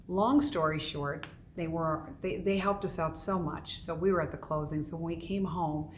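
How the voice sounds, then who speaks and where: A woman's voice: deep voice, normal speed, slight background noise. Earnest woman telling a personal story. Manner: earnest storytelling, asks and answers her own questions. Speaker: psychic medium. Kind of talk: casual talk to camera.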